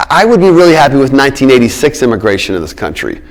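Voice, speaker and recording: A man's voice: medium pitch, very animated, rapid-fire, hardly any pauses. A middle-aged man giving a public lecture on politics, emphatic, repeating his key words and checking in with the audience.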